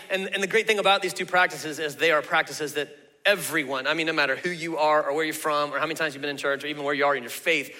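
A man's voice: fairly high pitch, bright, forceful tone, long reverb tail. A man preaching a sermon as pastor, in a folksy, conversational way with emphatic asides.

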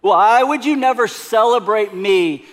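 A preacher acting out a sulking, resentful older son. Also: male voice, sits high, a little slow. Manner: indignant, pleading complaints. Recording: long hall reverb.

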